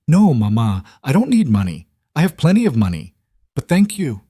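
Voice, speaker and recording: A man voicing a composed, guarded businesswoman who answers in a careful, measured way in an audio story. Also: medium pitch, wildly swooping pitch, mellow, breathy edge, no echo, studio quality, voice pushed up.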